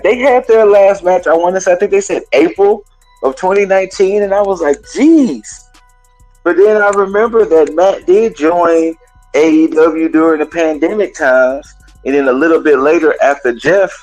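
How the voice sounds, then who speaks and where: A man hosting a gaming and wrestling podcast, casually recapping a show in a colloquial, chatty way and pausing now and then to cough. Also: fairly high pitch, a little mellow, poor audio.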